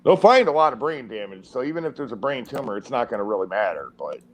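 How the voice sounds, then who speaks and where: A man's voice: mid-range voice, very animated, fast. A man on a casual stream, teasing and provoking his friends and laughing at his own jokes. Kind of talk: casual banter.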